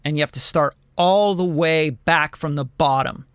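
A man in his forties hosting a podcast, giving a blunt, profane, animated motivational talk about a music career. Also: on the high side, normal speed, smooth, no echo, studio quality. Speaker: podcast host, music producer.

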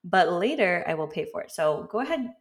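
A woman's voice: lowish voice, a little fast. A woman in her thirties hosting a podcast, talking casually and chattily with frequent fillers and light laughs. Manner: chatty, relaxed, lots of "like" and laughs. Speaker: podcast host. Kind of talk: casual solo podcast talk.

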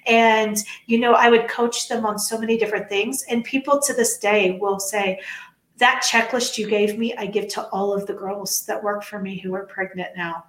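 At a moderate pace and in a mid-range voice, a leadership coach who once worked in HR chats earnestly on a podcast. She repeats herself to stress her points and performs quotes animatedly. The recording was made in an echoey room.

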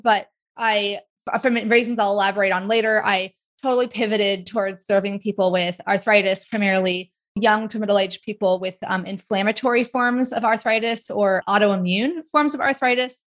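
A woman in her forties, a guest in an interview, talking casually and chattily with quick asides. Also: mid-range voice, fairly even intonation, a bit bright. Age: 40s.

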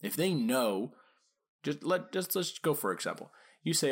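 A man whose voice sits on the high side and has a sing-song lilt hosts a podcast on training dogs. Talking casually, he asks listeners rhetorical questions and acts out brief quotes.

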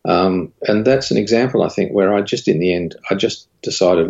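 A man's voice: normal speed, vocal fry, highs cut off. A man, a studio owner telling a candid story in a casual interview. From Australia. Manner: candid, recounts dialogue with rising animated pitch. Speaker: guest, studio owner and creative director.

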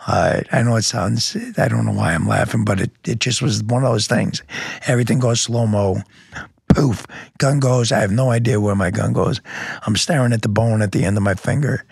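A man's voice: on the low side, steady tone, a little fast, creaky, slightly rough, no room sound, studio quality. A police lieutenant telling his story step by step in a podcast interview, vivid and blunt, with sound effects and the odd curse.

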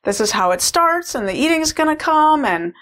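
A woman's voice: big pitch swings, normal speed, fairly bright tone. A woman voicing the frightened, hysterical wounded little-girl part of herself, pleading in a raised, panicky voice. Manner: pleading, panicky, high-pitched.

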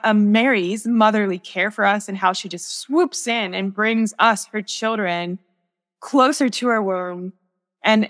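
A woman's voice: medium pitch, fairly bright tone, big-room sound. A young woman, a sacred artist, speaking as a guest in a podcast interview, telling a personal faith story in an earnest, reflective way with many restarts.

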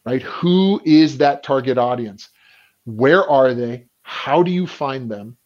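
A man talking as a business coach in a casual podcast conversation, acting out the people he quotes and often clearing his throat. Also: mid-range voice, slow pace, highs cut off. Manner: animated storyteller who acts out quoted people.

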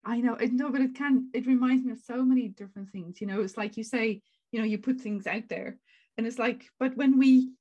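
Woman host, slightly high voice, warm encouraging chat, lo-fi sound. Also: brisk. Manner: affirming, encouraging listener. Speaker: podcast host. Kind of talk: casual interview chat. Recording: dull lo-fi audio.

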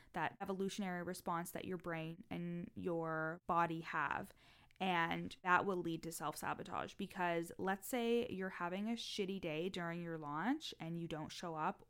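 A woman's voice: lowish voice, clean tone. A woman business coach hosting a solo podcast, talking frankly with plenty of swearing and acting out the voices in her head. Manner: frank and profane, fast bursts, acts out inner voices.

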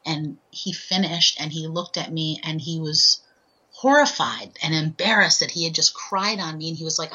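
A woman's voice: low-pitched, moderate pace, bright, forceful tone, husky. A woman guest telling a personal story in a podcast interview, earnest and heartfelt, often checking in with "right?". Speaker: guest, author and transformational speaker. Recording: dull, lo-fi sound.

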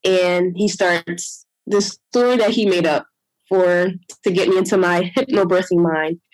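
Speaking at a measured pace, a woman casually recounts a long personal story as an interview guest, full of "I'm like" and "you know." She's animated and voices her past self in a higher pitch; the audio has no echo but sounds rough.

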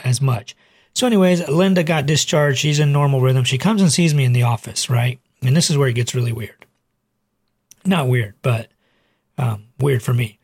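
Chatty husky-voiced male doctor. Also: medium pitch, no room sound, studio quality. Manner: chatty and rambling, with many fillers and asides. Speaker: cardiologist and weight loss coach. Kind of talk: casual storytelling monologue to camera.

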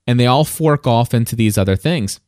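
A man's voice: medium pitch, expressive, a little fast, a little mellow, no room sound, clean studio sound. Rambling male tech podcast co-host. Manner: rambling, self-interrupting, playful. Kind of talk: casual tech podcast chat.

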